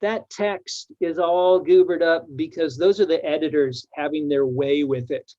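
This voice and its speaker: A man's voice: fairly high pitch, fairly even intonation, unhurried, warm tone. A man, a children's author, presenting his book with enthusiasm and reading verses aloud in a rhythmic way. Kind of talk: book talk to readers. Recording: dull lo-fi audio.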